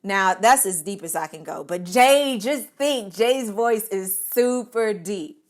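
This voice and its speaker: A woman telling a funny personal story at an unhurried pace. She is animated and expressive, laughing often and stammering when she gets worked up, with a voice of ordinary pitch. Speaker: podcast storyteller.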